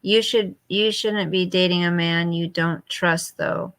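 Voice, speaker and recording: A woman's voice: fairly low pitch, fairly even intonation, unhurried, fairly bright tone. A woman in her fifties hosting a casual late-night live chat, reading viewer comments aloud and answering them. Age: 50s. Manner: coos baby talk to her dog.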